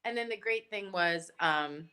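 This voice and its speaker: A woman guest on a talk show, telling stories in a casual, animated, rambling way, full of "like" and "um.". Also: fairly low pitch, a little slow, clean tone. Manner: animated, rambling, many likes and ums. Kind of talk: casual storytelling chat.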